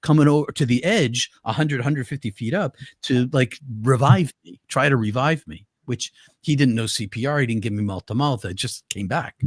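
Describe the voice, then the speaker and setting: Speaking as a guest, an older man with a mid-range voice recounts a personal story earnestly and vividly, frequently stopping to restart or repeat words. He keeps a moderate pace with hardly any pauses. The audio is close and dry, with no echo or room sound.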